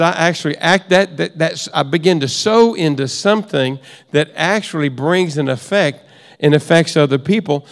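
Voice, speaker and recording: A man's voice: on the high side, in a large hall. A middle-aged man teaching a sermon in a conversational way, often repeating and restarting phrases. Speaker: preacher.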